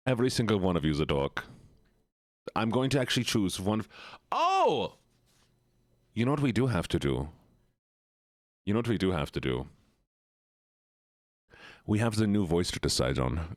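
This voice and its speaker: A man's voice: low voice, dry recording, studio quality. A man streaming live, chatting casually and teasingly with his viewers. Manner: playful, teasing, talks straight to chat.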